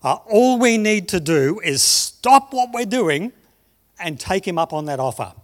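Higher-voiced preacher. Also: male voice, sing-song. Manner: storytelling, slows down for emphasis. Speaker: pastor. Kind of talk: sermon.

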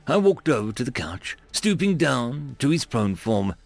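A man reading a story aloud as the narrator, in an expressive, dramatic manner. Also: medium pitch, normal speed, no echo.

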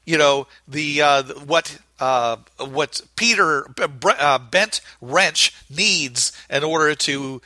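Fields: Sex: man. Role: tabletop player. Style: casual, rambling narration. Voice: very bright, dry close sound. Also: on the high side, takes it slowly, hardly any pauses, no room sound. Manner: rambling, hesitant, filler-heavy.

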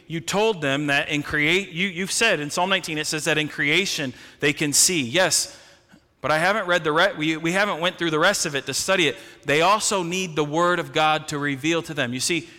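A male pastor delivers an impassioned sermon in a church, his bright, forceful voice ringing with a long reverb. He swings between hushed, low moments and raised, emphatic bursts. He often repeats a word as he starts a new thought. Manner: impassioned preaching, swinging from quiet to loud; repeats words when starting phrases. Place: church sanctuary.

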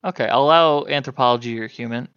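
A man narrating a tabletop game as game master, halting and full of fillers. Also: mid-range voice, fairly bright tone, smooth, dry recording, lo-fi sound.

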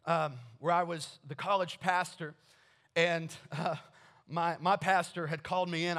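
Animated man preaching a sermon. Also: a little high. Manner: animated, joking asides, storytelling. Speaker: pastor.

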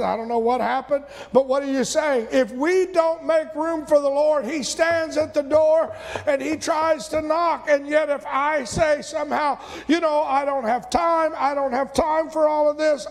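A male pastor delivers a sermon, folksy and repetitive, building to emphatic peaks. His voice sits very high and carries a gravelly edge. The long reverb of the church sanctuary trails behind every phrase.

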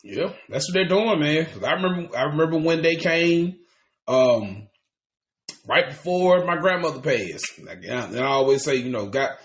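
A man's voice: on the high side, animated, normal speed, reverberant, slight background noise. A man, co-hosting a podcast in casual chat, ranting animatedly and cursing with lots of restarts. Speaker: podcast co-host.

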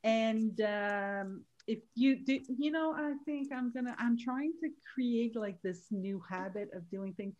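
A woman, hosting a casual podcast, chatty and quick to laugh. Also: on the high side, darkish tone, highs cut off. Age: 40s. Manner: chatty, laughs easily, trails off. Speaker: podcast host.

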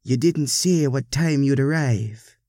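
A man voicing a brisk, apologetic middle-aged woman. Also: rumbling low, dark tone, no room sound, clean studio sound, voice pushed up, exaggerated voice.

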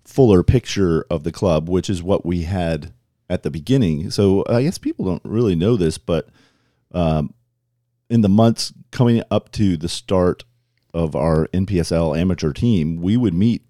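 A middle-aged man chatting casually as an interview guest, with dry, self-mocking humor and quick bursts of laughter. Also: low-pitched, dark tone, no room sound. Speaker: guest, club board chairman.

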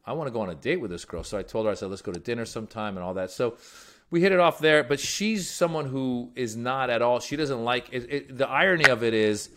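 Fast and a touch bright, with medium pitch, this male comedian tells stories as a guest in a casual interview. Born in Iran and raised in America from childhood, he rambles, restarts frequently, and peppers his speech with fillers.

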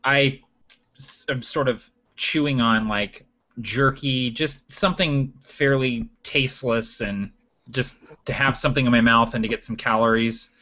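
A man's voice: medium pitch, steady tone, a little slow, bright, forceful tone. A man playing in a casual tabletop game, easily describing what his character does. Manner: easygoing, describes his actions. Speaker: player. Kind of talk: casual tabletop role-play. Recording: dull lo-fi sound.

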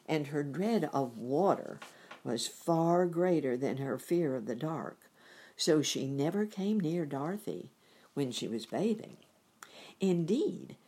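A woman reading a storybook aloud with slow, expressive narration. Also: sits low, slightly rough. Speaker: audiobook reader.

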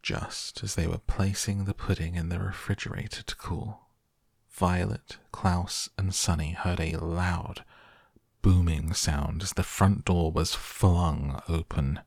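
Deep gravelly man narrating a storybook. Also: fairly even intonation, darkish tone, no room sound. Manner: wry, measured storytelling. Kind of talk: audiobook narration.

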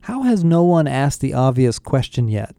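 A brash young rebel who asks the blunt questions, read by a man in an audiobook, pitched a bit higher than plain speech. The voice is mellow and dry, close to the ear. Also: big pitch swings, normal speed, gravelly, no room sound.

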